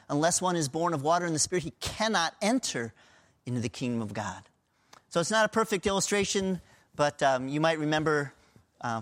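A middle-aged man from Pennsylvania preaching a sermon as a pastor, in an earnest, emphatic and conversational way. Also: on the high side. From Pennsylvania, USA.

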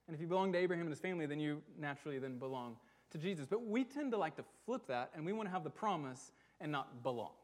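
Earnest man preaching a sermon. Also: a little high. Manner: earnest, emphatic, with rhetorical questions and slowed stresses. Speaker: pastor.

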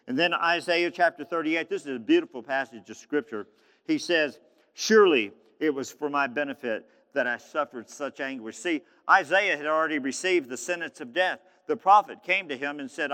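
Bright-voiced preacher in a reverberant hall. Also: male voice, moderate pace. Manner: swings from quiet, low passages to loud, high-pitched preaching. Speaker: pastor. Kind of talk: sermon.

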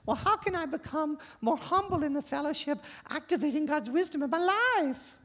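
A man's voice: very high-pitched, brisk, fairly bright tone, pitched above the performer's own voice. A man putting on the voice of a timid little girl, asking an earnest question in a meek tone.

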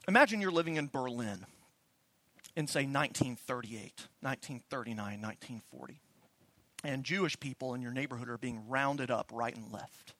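A man's voice: medium pitch, bright, forceful tone, dry recording. A man preaching a sermon, telling the story with animation and acting out the voices he quotes. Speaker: pastor.

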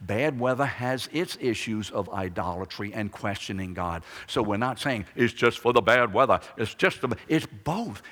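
A man preaches a sermon, pressing his points with emphatic repetition and rhetorical questions. His voice is low and husky, and his delivery is slow and deliberate. The sound carries a long hall reverb. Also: a bit bright.

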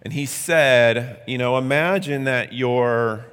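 A man's voice: mid-range voice, slow pace, fairly bright tone, smooth, in a large hall. A male pastor preaching a sermon in a conversational, earnest way.

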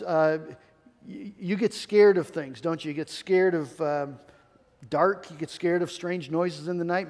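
A man's voice: sits high, darkish tone, big-room sound. A male pastor preaching a sermon in an earnest way, often repeating key phrases and restarting his sentences.

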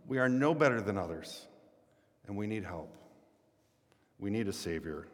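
A man preaching in a church sanctuary, his fairly low voice carrying a long reverb from the hall. He tells stories, lifting into lively quoted voices and then sinking soft and low for emphasis. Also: moderate pace. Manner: storytelling, rising into animated quoted voices then dropping low and quiet. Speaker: pastor. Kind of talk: sermon.

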